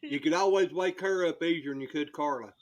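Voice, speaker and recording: A man's voice: fairly high pitch, brisk. A man, teasing family members in casual chat and telling stories. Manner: dry teasing storyteller.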